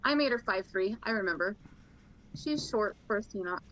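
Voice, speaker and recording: A woman's voice: mid-range voice, expressive, a little fast, a bit bright. A woman playing a tabletop game, chatting about her character in a self-amused way. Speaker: player. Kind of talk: casual tabletop play. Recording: dull lo-fi mic.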